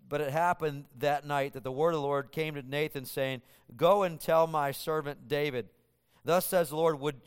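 Male preacher, sermon, reads scripture then explains it, clear resonant voice, echoing church hall. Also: medium pitch. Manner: reads scripture aloud, then paraphrases God speaking in first person with rising emphasis. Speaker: pastor.

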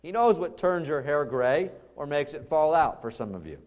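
Man preaching, kinda high voice, chatty but builds up loud. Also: lively intonation, normal speed. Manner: conversational and emphatic, building to loud peaks. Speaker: pastor. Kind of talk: sermon.

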